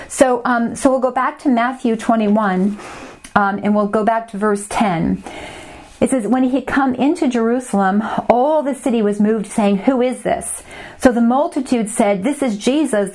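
A woman's voice: on the high side, darkish tone. A young adult woman teaching a Bible study, reading scripture passages aloud and then explaining them in a conversational way.

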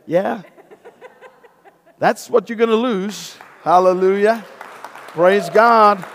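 A man preaching a sermon in a slow, deliberate way, with a voice that sits a little high for a man. He is emphatic, swinging from loud exclamations down to low, intense passages and dropping in hallelujahs as he goes. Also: some chatter behind, slight background noise.

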